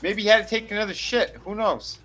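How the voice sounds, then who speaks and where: A man on a podcast, telling stories in an animated, profane, joking way. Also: sits high, fast, noisy background. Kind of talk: casual chat.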